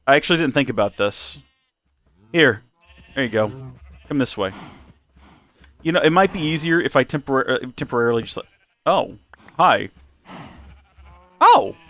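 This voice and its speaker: A man with a fairly high, slightly bright voice hosts a Minecraft let's play for his channel. He plays at being a presenter in a jokey way and rambles, stopping often to correct himself.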